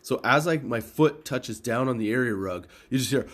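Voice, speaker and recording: Here a middle-aged comedy podcast host with a medium-pitched voice at normal speed spins a casual yarn. He's animated and foul-mouthed, often cracking himself up.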